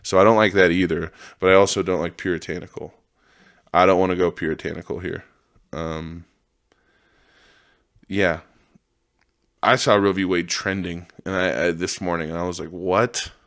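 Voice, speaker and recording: A man with a very low voice rants on a podcast, rambling and swearing with a sarcastic edge. The sound is dry and close to the mic, with no room around it. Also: little pitch movement, normal speed, pauses often, fairly bright tone, clear, resonant tone, no echo. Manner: profane, rambling, sarcastic, laughs often. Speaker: podcast host. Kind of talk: casual monologue rant.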